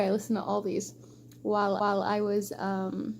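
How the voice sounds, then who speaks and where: A woman's voice: mid-range voice, completely flat delivery, moderate pace, slight background noise. A young woman chatting casually about books she read, gushing and emotional with lots of rambling asides. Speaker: book vlogger. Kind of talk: casual book wrap-up chat.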